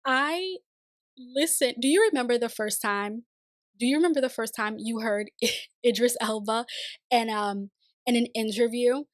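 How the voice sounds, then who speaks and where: A woman talking to camera as a TV review vlogger, chatty and expressive, speaking straight to her viewers and laughing often. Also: a little high, a little slow, no echo, clean studio sound. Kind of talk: casual spoken review to camera.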